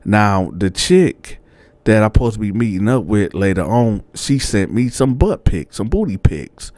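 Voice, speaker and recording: A storyteller host with a lowish voice tells his viewers a story in slangy, colloquial speech, recorded with no room sound. He's animated and calls his audience y'all.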